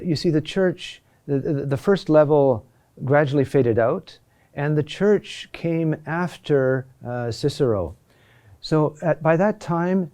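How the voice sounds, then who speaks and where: Male lecturer, unhurried and hesitant delivery, mellow low-key tone. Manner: slow, halting delivery with many fillers and restarts. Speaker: teacher of Gregorian chant. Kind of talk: classroom lecture.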